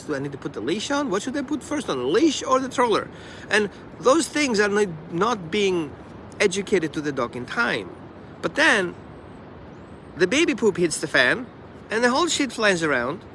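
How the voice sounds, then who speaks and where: Brief: animated male dog trainer, bright voice, talking outside with faint traffic behind him. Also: sits high. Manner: animated, acts out the dog and owners in quick asides. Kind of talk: casual live stream monologue.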